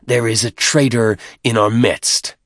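A man's voice: medium pitch, fairly even intonation, a little slow, no room sound, studio quality, lightly acted. A man voicing a fierce young male alien warrior who snarls with contempt. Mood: scornful.

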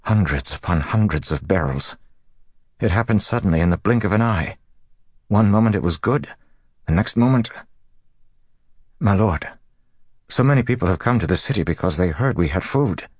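A frightened dockmaster, as a male reader puts him on, his voice pushed up high and strained. He pleads in taut, hushed bursts, and the audiobook reading has a dry, close sound. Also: expressive, moderate pace, long pauses, slightly rough, no room sound. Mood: pleading.

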